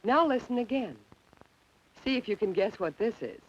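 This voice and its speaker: A woman in scripted narration for children, gentle and coaxing, asking the listener questions over a 1950s film soundtrack. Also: fairly high pitch, lively intonation, normal speed, lo-fi sound.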